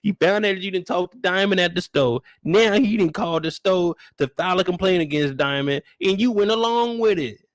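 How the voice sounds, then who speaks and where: A young man hosting a live after-show recap, talking in an animated, incredulous and profane way. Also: high-pitched, a little fast, few pauses, dry recording. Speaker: host.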